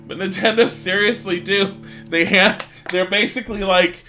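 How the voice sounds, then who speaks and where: A man live-streaming a video game from his home, chatting casually, rambling and laughing, with bursts of swearing and excitement. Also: sits high. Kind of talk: casual live-stream chat over gameplay.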